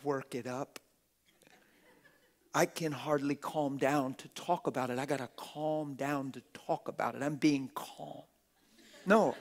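Fervent middle-aged preacher. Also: male voice, on the high side. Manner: fervent, excitable, folksy, laughs often, bursts into shouts. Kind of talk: passionate sermon. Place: church hall with a congregation.

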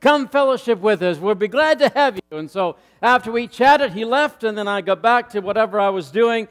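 A middle-aged male pastor preaching a sermon, telling stories and getting louder and higher as they build. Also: moderate pace, in a large hall. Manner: storytelling, rising loud and high in anecdotes. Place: church sanctuary.

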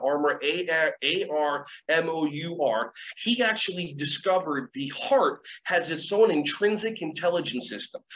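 Man, higher-pitched voice, energetic webinar teacher, rambling delivery, dull lo-fi sound. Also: a little hiss or hum. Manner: energetic, acts out quoted voices, loose and rambling. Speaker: educator leading a webinar. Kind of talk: casual teaching talk with guided exercises. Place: at home. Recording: dull lo-fi sound, faint ambience.

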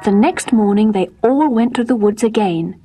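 A woman storyteller reading a fairy tale aloud in gentle, measured, soft-spoken scripted narration. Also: medium pitch, over loud music.

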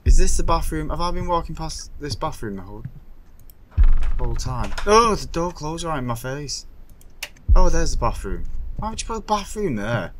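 A man's voice: medium pitch, a bit bright, a little hiss or hum. A man commentating a horror game as he plays, jumpy and swearing, talking to himself with sudden yelps. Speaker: gaming streamer.

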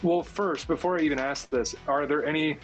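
A man playing in a tabletop game, easygoing and quick to laugh in casual chat. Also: fairly high pitch. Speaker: player. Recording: dull lo-fi voice chat with faint music.

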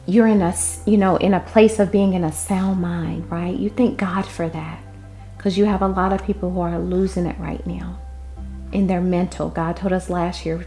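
A woman delivering a prophetic word in an impassioned way, moving between loud declarations and hushed asides. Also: on the low side. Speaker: prophetic minister.

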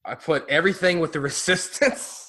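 Bright-voiced man, animated and blunt. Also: fairly high pitch, normal speed. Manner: animated, blunt, laughs easily. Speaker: podcast host. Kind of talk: casual chat.

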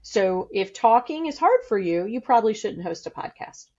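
A woman's voice: mid-range voice, very animated, a little mellow, slightly rough, dull audio. Blunt, candid middle-aged woman. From St. Louis, USA. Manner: blunt, candid and fast-talking. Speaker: podcast guest. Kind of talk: casual interview talk.

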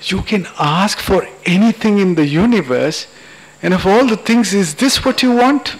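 A man's voice: sits high, big pitch swings, measured pace, vocal fry, breathy edge, voice pushed up, full character voice, low-quality recording. A man giving voice to a smiling Hindu god who grants boons, told within a lecture story. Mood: amused.

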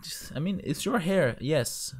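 A man hosting a reaction video with blunt, excitable commentary. His pitch swings widely as he jumps between mocking asides and loud cheers. He talks casually and straight at his viewers. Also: unhurried. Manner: animated, blunt, loud outbursts.

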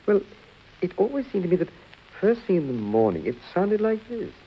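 A man's voice: high voice, very animated, normal speed, dark tone, breathy edge, heavily acted. An actor playing a diffident, apologetic man who dislikes radio, in a 1940s radio comedy. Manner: apologetic, hesitant. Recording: dull 1940s radio broadcast.

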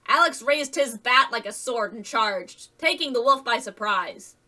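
A woman reading a chapter of a children's fantasy novel aloud, lively, with the characters voiced. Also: fairly high pitch, unhurried, recorded from a distance, low-quality recording. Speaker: audiobook reader. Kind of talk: scripted narration.

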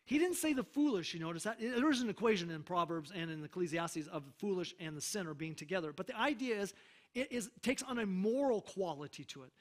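A man preaching a sermon as pastor, emphatic, slowing down for scripture readings and checking in with the congregation. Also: high-pitched, animated.

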